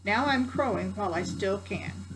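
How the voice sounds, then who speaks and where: A woman's voice: mid-range voice, animated, moderate pace, background noise, natural voice. Anxious storybook cockerel, read by a woman. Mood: earnest. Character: scared then eager male cockerel.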